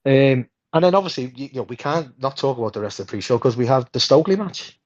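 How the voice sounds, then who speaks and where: A man co-hosting a podcast in casual chat, an animated storyteller with a voice worn hoarse. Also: fast. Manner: animated storyteller, jumps high in pitch. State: hoarse, hungover. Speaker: podcast co-host. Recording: dull lo-fi sound.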